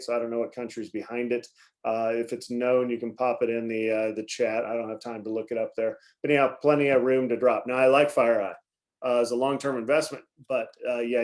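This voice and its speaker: A man hosting a live stock market briefing in casual, rambling speech full of fillers, often clearing his throat and coughing. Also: medium pitch, darkish tone. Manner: rambling, many fillers and self-corrections. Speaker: market commentary host.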